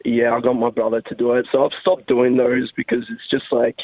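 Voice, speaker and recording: A man's voice: mid-range voice, little pitch movement, fairly quick, no echo. A man speaking as a guest, answering questions casually and in a laid-back way. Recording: dry tinny phone line.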